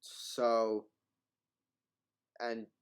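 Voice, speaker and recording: A man's voice: medium pitch, monotone, drawn-out words, clean tone. A man giving rambling video commentary, arguing a point and often restarting his words.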